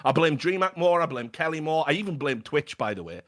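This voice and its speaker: British male guest, animated storyteller, high-ish voice, salty language. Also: fairly quick. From Britain. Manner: animated, swears freely, stammers and restarts. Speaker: podcast guest. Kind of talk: casual storytelling chat.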